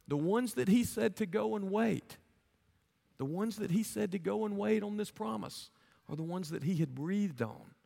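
A pastor with a slightly high, creaky, dark-toned voice preaches to his congregation, earnestly posing rhetorical questions. A long hall reverb surrounds him.

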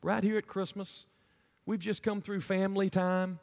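A man's voice: high voice, flat delivery, normal speed, creaky, darkish tone. A man preaching a sermon to his congregation, earnestly asking them rhetorical questions. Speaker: pastor. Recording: long hall reverb.

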